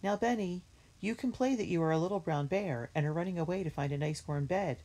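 A woman voicing a gentle, caring young girl with a soft, coaxing way of talking, in a storybook reading. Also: lowish voice, brisk, voice pushed up, natural voice, rough recording.

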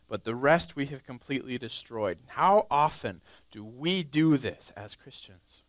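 A young male pastor preaching a sermon, reading scripture slowly and acting out pleading churchgoers in a higher voice. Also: lively intonation, no room sound. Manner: reads scripture slowly, then acts out pleading churchgoers in a high voice.

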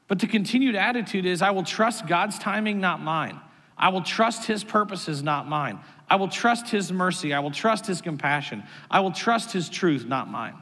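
A man in his thirties, a pastor preaching a sermon with animated storytelling and sudden jumps in pitch, heard in a church sanctuary. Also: normal speed. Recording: long reverb of a large hall.

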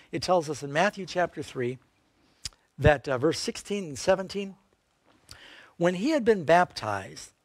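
A man's voice: on the high side, husky, no echo. Emphatic older male preacher. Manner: emphatic, asks rhetorical questions. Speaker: evangelist preacher. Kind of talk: sermon.

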